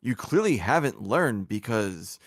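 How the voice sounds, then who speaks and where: A man's voice: mid-range voice, big pitch swings, measured pace, dry recording, clean studio sound. A man on a livestream scolding someone with rhetorical questions. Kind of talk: livestream commentary.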